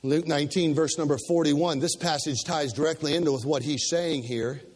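A pastor preaching a sermon, stacking rhetorical questions in a rising cadence, with restarts and repeated words, in a church. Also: male voice, on the high side, steady tone, moderate pace, a little mellow, husky. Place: church sanctuary. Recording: long hall reverb.

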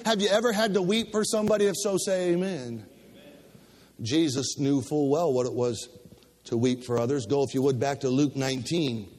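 A pastor preaching a sermon, stacking rhetorical questions in a rising cadence, with restarts and repeated words, in a church. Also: male voice, fairly high pitch, brisk, darkish tone. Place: church sanctuary. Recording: long hall reverb.

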